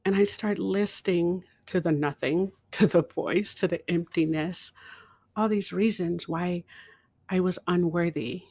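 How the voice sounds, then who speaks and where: A middle-aged woman, host of her own show, slowly telling a personal story and sometimes dropping to a whisper. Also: fairly low pitch, dark tone, husky, no echo. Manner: slow, reflective storytelling, dropping to a whisper at times. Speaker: podcast host. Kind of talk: personal testimony.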